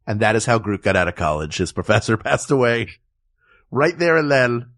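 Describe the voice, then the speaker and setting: A man's voice: medium pitch, sing-song, moderate pace, a bit bright. Laughing, bantering podcast co-host man. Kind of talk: casual comedic chat.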